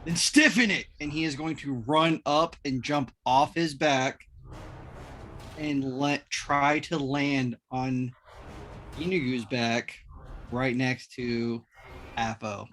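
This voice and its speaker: A man playing in a tabletop game, excited and boastful about his rolls, swearing casually. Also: mid-range voice, slow, slight background noise. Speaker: player.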